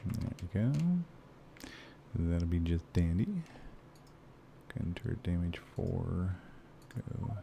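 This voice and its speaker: Low gravelly man ranting on stream. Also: steady tone, slow pace, pauses often, mellow, slight background noise. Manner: swearing, ranting, frequent fillers. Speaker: game streamer. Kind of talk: casual live-stream chat.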